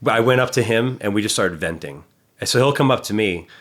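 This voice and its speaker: Low-voiced blunt male gym trainer. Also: expressive, fast, a bit bright. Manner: blunt, swears freely, acts out people in stories. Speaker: personal trainer and gym staff. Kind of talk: casual podcast conversation.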